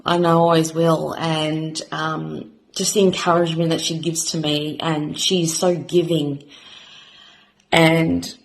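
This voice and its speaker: A woman in her thirties with an Australian accent, giving a rambling, heartfelt self-introduction as a new beauty vlogger, halting and full of fillers, close to tears. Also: low-pitched, level tone, low-quality recording.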